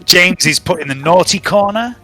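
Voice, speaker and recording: A man's voice: high voice, lively intonation, moderate pace, bright, forceful tone, faint music behind, rough recording. A man running a tabletop game as game master, joking and playfully bossy with his players.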